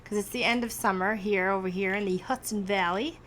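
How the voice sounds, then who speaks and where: A woman's voice: medium pitch, fairly even intonation, a little fast, a bit bright, slight background noise. A woman hosting a podcast, chatting in a rambling, casual way and laughing often. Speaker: podcast host. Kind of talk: casual chat. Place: Hudson Valley, New York.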